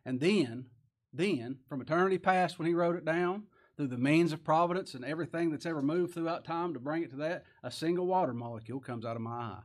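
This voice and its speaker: A man preaching a sermon as pastor, folksy and humorous, swinging between soft, quiet lines and loud, rising emphasis. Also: on the high side, fairly quick.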